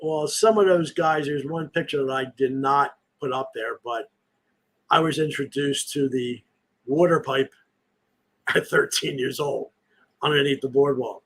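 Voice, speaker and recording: A man's voice: mid-range voice, a little slow, a bit bright, poor audio. A man in his sixties hosting a podcast, rambling through nostalgic stories in casual chat. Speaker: podcast host.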